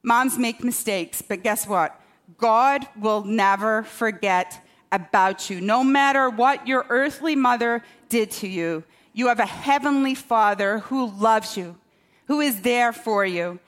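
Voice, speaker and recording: A woman's voice: on the high side, slow. A woman pastor preaching a sermon in a conversational, self-deprecating way, often checking in with the congregation. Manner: conversational, self-deprecating humor, rhetorical "okay?".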